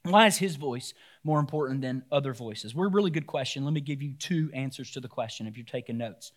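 A pastor preaching a sermon to his church, swinging between loud, animated outbursts and quiet, emphatic points. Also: medium pitch, a little fast, few pauses.

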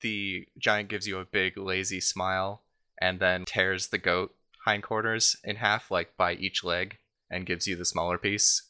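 A man narrates a tabletop game as game master, laying out scenes in a relaxed way. His voice is very low yet bright and forceful. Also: a little slow, clear, resonant tone. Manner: relaxed, descriptive narration with in-character lines.

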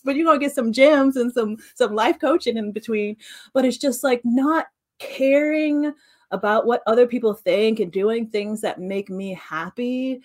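A woman's voice: on the high side, moderate pace. A woman in her late thirties co-hosting a podcast, telling stories in casual chat and acting out the voices she quotes. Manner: animated storyteller, acts out quoted voices. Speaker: podcast co-host.

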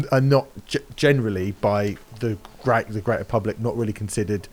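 A man's voice: on the low side, moderate pace, a little mellow. A man in his forties chatting casually on a podcast, telling a story with lots of animation and swearing. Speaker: podcast guest. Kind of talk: casual chat.

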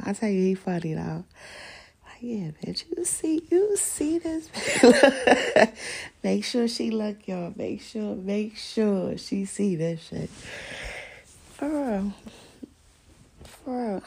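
A woman talks on her podcast in a loose, rambling monologue, blunt and full of swearing, laughing as she goes. Her voice is gravelly and husky, with a rough edge to it. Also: medium pitch, darkish tone. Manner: candid, profane, laughs often; rambling storytelling. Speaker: podcast host. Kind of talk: casual monologue.

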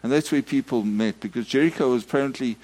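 A middle-aged Methodist minister, giving a storytelling sermon full of restarts and acted-out shouts. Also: male voice, mid-range voice, fast. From South Africa.

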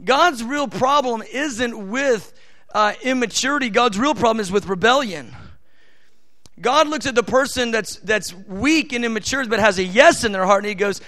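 A man's voice: extremely high pitch, normal speed, bright, forceful tone. A man preaching a live sermon, speaking emphatically and talking directly to his listeners. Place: church service with family present.

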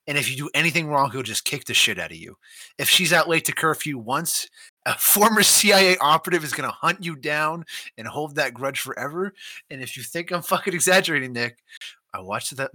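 A man co-hosting a casual movie podcast, animated and laughing as he acts out scenes. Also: medium pitch, dry recording. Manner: animated, laughing, acting out scenes in quick voices. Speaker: podcast co-host. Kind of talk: casual movie-discussion chat.

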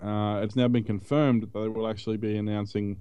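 A man's voice: fairly low pitch, little pitch movement, fairly quick, dark tone, clean tone, no room sound, dull audio. A man co-hosting a tech podcast, chatting casually in a rambling way. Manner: rambling, many fillers and restarts. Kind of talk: casual chat.

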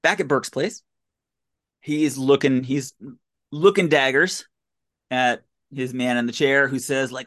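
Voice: medium pitch, fairly even intonation, a little slow, pauses often. A podcast host giving a casual, comedic recap of a film, with incredulous, sarcastic commentary.

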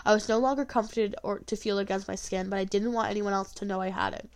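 A woman's voice: medium pitch, steady tone, fast talker. Brief: woman narrator, earnest storybook reading.

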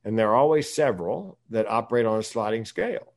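A man's voice: fairly low pitch, animated, quick pace, creaky. A man from the United States, a podcast guest, talking candidly in casual conversation and laughing often while telling stories.

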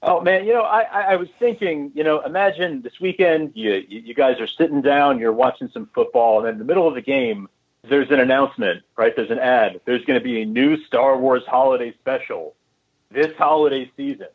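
A man's voice: medium pitch, brisk. Upbeat male caller on a phone line. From New York. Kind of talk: phone-in chat.

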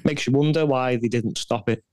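A man's voice: medium pitch, moderate pace, a little mellow, dry recording. A man co-hosting a satirical podcast chat, giving blunt, sardonic opinions. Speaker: podcast co-host. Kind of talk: satirical pub-style chat.

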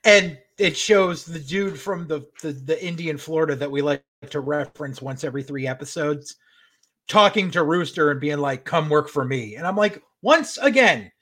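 Man, podcast co-host, high voice, bright, profane, animated retelling. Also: normal speed. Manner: animated, swears constantly, acts out quotes. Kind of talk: casual profane chat, recapping a show.

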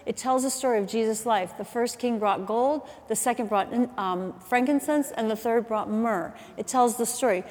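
A middle-aged woman preaching a sermon, chatty and animated, telling stories with asides and quick self-corrections. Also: fairly high pitch, big-room sound. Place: church auditorium.

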